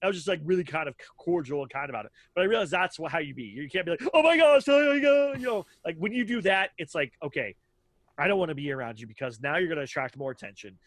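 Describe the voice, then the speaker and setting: Man in his 30s, raised pitch, rambling casual storyteller with many fillers, very dry close sound. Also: expressive, fast talker, a bit bright, no room sound. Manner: rambling, lots of fillers and acted-out quotes. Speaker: podcast co-host.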